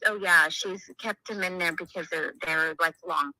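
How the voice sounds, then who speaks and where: Bright-voiced woman, hesitant agent. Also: on the low side, normal speed, dry recording, low-quality recording. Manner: hesitant, many fillers, easygoing. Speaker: listing agent. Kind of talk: phone conversation.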